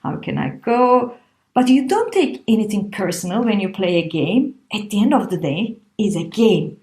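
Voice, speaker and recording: A woman's voice: mid-range voice, very animated, normal speed, warm tone, reverberant. A middle-aged woman speaking reflectively as a podcast guest, with non-native phrasing and frequent restarts. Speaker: podcast guest, entrepreneur and coach. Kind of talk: conversational podcast interview.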